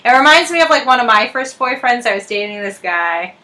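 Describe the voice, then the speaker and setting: A woman's voice: a little high, lively intonation, brisk, sharp tone. A young woman co-hosting a podcast, chatting casually and animatedly, laughing often as she tells anecdotes. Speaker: podcast co-host. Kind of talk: casual chat.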